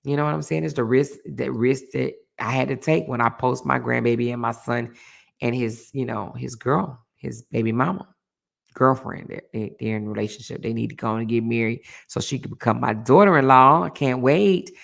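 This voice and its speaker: A middle-aged woman hosts a casual livestream chat, reading viewer comments aloud in an animated, chatty way and repeating phrases for emphasis. Her voice is very deep with vocal fry, at a moderate pace.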